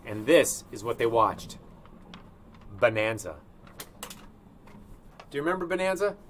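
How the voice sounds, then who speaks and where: A man chatting casually while he paints live. He rambles offhand and thinks out loud in a room indoors. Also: mid-range voice, big pitch swings, unhurried, a little hiss or hum. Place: indoor studio room with a sunny window.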